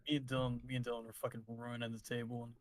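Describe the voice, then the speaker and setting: A man's voice: medium pitch, completely flat delivery, fast talker. A man chatting casually on a podcast, blunt and swearing. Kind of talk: casual chat.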